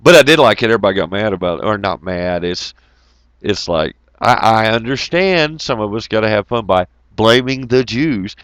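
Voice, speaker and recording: In a rambling, casual monologue, a man tells stories with lots of laughter and profanity. His voice is fairly low and smooth, at normal speed, with no echo.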